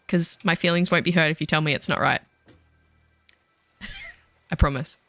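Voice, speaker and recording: A woman's voice: deep voice, sing-song, normal speed, fairly bright tone, dry recording. Chatty woman streaming a game. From Australia. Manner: chatty, self-deprecating, talks to chat while building. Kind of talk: casual chat while gaming.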